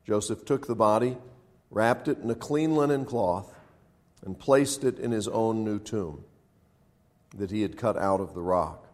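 A man reading scripture aloud in a measured, dramatic way, lifting his voice for quoted speech. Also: lowish voice, darkish tone. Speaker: scripture reader.

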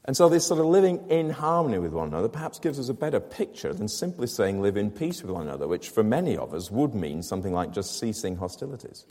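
A man's voice: lowish voice, big pitch swings, fast talker, few pauses, darkish tone, long reverb tail. A man preaching a sermon to his congregation, explaining a scripture passage with rhetorical questions and emphatic repetition. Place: church.

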